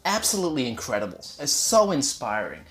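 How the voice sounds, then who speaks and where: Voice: mid-range voice, wildly swooping pitch, brisk. Someone doing a gushing talk-show host. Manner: fawning, over-the-top. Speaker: interviewer. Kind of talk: improvised comedy sketch. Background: faint sitar music.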